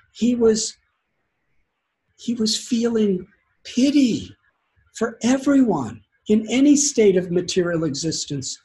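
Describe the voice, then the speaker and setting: Slow, earnest male spiritual teacher. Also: sits high, warm tone, husky, poor audio. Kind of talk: devotional sermon storytelling.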